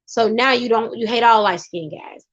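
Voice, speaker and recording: Woman vlogger, high and excitable, speaks in emphatic bursts; the recording is dull and lo-fi. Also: normal speed. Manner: emphatic, excitable, talks to her partner off-camera. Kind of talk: casual commentary.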